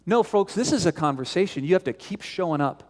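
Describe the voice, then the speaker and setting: A man preaching a sermon as pastor, telling a story in an animated way and often repeating words as he restarts. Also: high-pitched, a little fast. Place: large church sanctuary. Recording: long church reverb.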